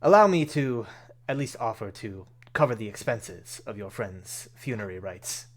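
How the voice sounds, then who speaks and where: A man voicing a courteous male noble who speaks formally and slowly, in a tabletop game. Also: on the low side, animated, close to an everyday voice. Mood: consoling. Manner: formal, measured, slow speech.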